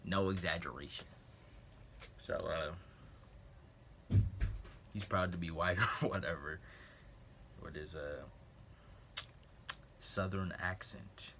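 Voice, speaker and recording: Young male vlogger, low voice, lively storyteller, faint hiss behind. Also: slow pace, long pauses. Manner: animated storytelling, acting out quotes. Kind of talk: casual storytime vlog.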